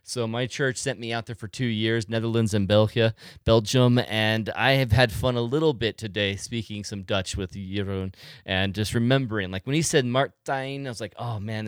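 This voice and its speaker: A man hosts a relaxed interview and tells his stories with bursts of animation, laughing often. His voice is smooth and clear, recorded dry and close. He sounds middle-pitched and easygoing. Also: no room sound. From United States. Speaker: podcast host. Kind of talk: casual interview chat.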